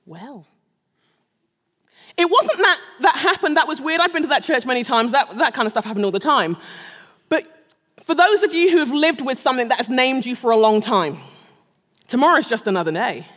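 Her high-pitched, fairly bright voice is animated and moves at a moderate pace with frequent pauses. This middle-aged woman is preaching at a Christian gathering, telling a self-mocking personal story with lots of laughter, and the large hall gives a long reverb.

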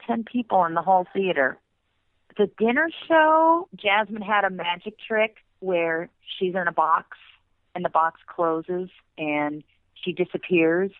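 A woman and former theme park performer, telling stories in a casual, animated way as an interview guest. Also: on the low side, no room sound. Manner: animated, with bursts of laughter. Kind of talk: casual storytelling. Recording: tinny phone line.

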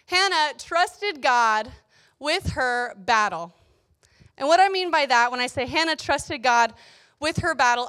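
A young woman giving a casual devotional talk, chatty and animated, telling stories with playful asides. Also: sits high, smooth. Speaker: youth speaker.

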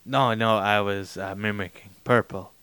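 A man co-hosting a podcast, giving short dry deadpan replies. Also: lowish voice, moderate pace, clear, resonant tone, no echo. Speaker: podcast co-host. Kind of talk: casual podcast banter.

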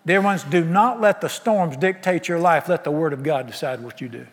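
In a church sanctuary, a pastor delivers a folksy, exuberant sermon full of rhetorical questions. His voice is on the high side for a man, he speaks at a moderate pace, and the hall's long reverb trails behind him.

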